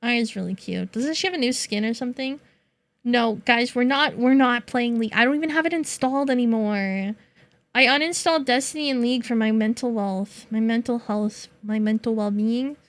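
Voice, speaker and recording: A woman's voice: a little high, moderate pace. A young woman streamer chatting casually to her viewers, venting with lots of swearing and laughter.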